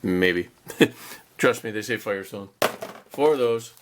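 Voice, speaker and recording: A man's voice: on the low side, measured pace. A man casually narrating a model car kit unboxing, chatty and rambling, with self-deprecating chuckles.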